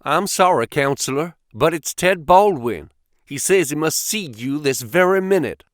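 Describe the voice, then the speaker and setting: A man puts on a timid bartender, nervous and apologetic, his voice lifted higher than usual. The sound is close and dry. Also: expressive, unhurried, no echo.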